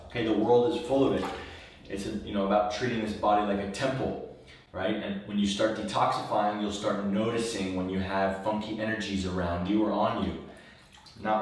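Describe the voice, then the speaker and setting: A man, a wellness coach, giving a relaxed, conversational how-to talk from his bathtub, rambling a little and repeating words as he goes. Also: on the low side, far from the mic, a little hiss or hum. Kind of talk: casual instructional talk. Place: bathroom, in a bathtub. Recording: very echoey room, voice from off the mic.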